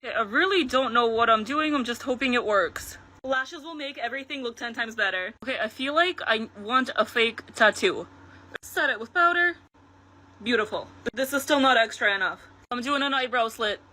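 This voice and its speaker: Bright, excitable woman makeup vlogger. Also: high voice, moderate pace. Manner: excitable, chatty, laughs often. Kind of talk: casual makeup tutorial vlog.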